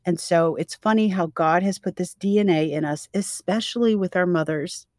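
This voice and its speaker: A woman with a fairly low, darkish voice co-hosts a faith-based parenting podcast at a moderate pace. She speaks earnestly and reflectively, sometimes reading scripture aloud, and the clean studio sound has no echo.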